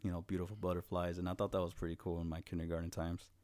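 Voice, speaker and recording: Racing along with little pitch movement, this young Los Angeles-raised host has a lowish, darkish voice and a laid-back manner in casual chat. His stories are profane, and he performs the quoted lines himself.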